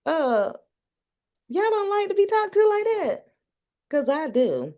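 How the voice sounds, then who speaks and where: A woman's voice: very high voice, very animated, slow pace, darkish tone. A woman hosting a casual live-stream chat, frank and teasing, who laughs often between phrases. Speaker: host.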